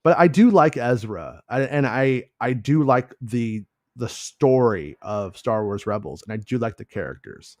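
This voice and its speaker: A man's voice: measured pace, dry recording, studio quality. Profane, rambling man on a fan podcast. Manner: rambling, animated, mocking asides in high put-on voices; profane, blunt rants. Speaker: podcast co-host. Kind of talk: casual fan podcast chat.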